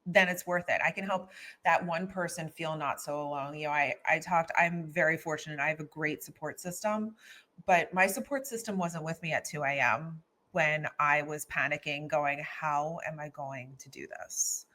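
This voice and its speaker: A middle-aged woman from Philadelphia with a low voice speaks as a guest author. She tells her own story earnestly and candidly, pausing and restarting as she goes. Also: fairly even intonation, pushed and bright. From Philadelphia, USA. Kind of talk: candid personal conversation.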